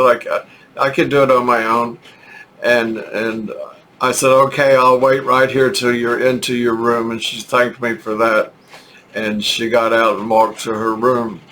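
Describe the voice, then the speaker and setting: An older man from Texas with a Texan accent, telling a rambling, halting story with chuckles in a casual vlog. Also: medium pitch, bright, forceful tone, a little hiss or hum. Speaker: vlogger.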